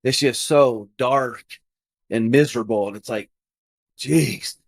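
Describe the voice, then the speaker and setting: A man's voice: mid-range voice, unhurried, no echo. A man in his thirties, a podcast guest, earnestly telling a personal story in conversation and acting out his own past thoughts.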